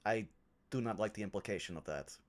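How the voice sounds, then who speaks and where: A man's voice: on the low side, brisk, lightly acted. A man voicing Branson, a weary, wary bard in a tabletop game, with a dry, understated delivery.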